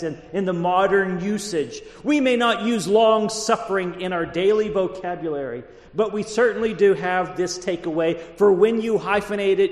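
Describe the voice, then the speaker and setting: A man preaching a sermon as pastor of a church, measured and deliberate, drawing out key words. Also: high-pitched, roomy sound, long reverb tail. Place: church sanctuary.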